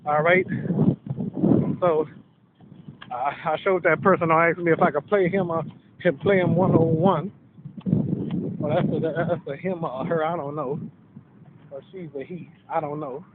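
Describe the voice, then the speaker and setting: Breathless, rambling New man, high voice, tinny phone-like sound with heavy noise. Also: fairly even intonation, measured pace, pauses often. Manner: rambling, repeats words, many fillers. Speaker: vlogger giving a walking tour. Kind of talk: casual walking vlog narration. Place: outdoors at a park sports field.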